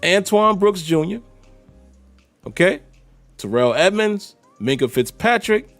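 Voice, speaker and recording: A man's voice: high voice, takes it slowly, no room sound, faint music behind. A man hosting a solo podcast, talking casually and directly to his listeners. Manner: chatty, animated, talks straight to listeners. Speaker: podcast host.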